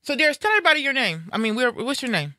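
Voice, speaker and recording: A woman's voice: high-pitched, sing-song, rapid-fire, sharp tone, dry recording, clean studio sound. A middle-aged woman hosting a live talk show in a casual, upbeat, playful way. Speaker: radio show host.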